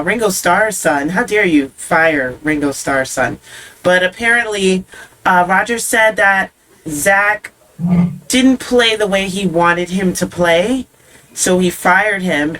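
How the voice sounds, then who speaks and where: A woman's voice: lowish voice, fairly bright tone. A young woman co-hosting a podcast, telling stories in a chatty, giggly way. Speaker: podcast co-host, singer. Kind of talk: casual chat.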